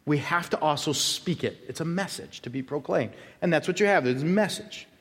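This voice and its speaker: Male pastor, higher-voiced, lively preaching with congregation asides; sound of a reverberant church hall. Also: fairly quick, slightly rough. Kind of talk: expository sermon. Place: church sanctuary.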